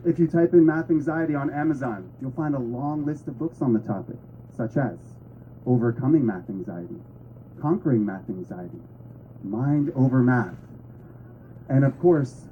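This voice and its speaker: A man's voice: medium pitch, lively intonation, moderate pace, lo-fi sound, slight background noise. A man giving a talk to an audience in a conversational way with playful asides. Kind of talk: presentation to an audience.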